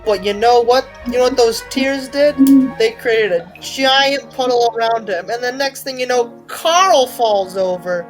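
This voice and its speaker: A woman telling an improvised comic story over a video call, lively and quick. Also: a little high, soft background music, low-quality recording.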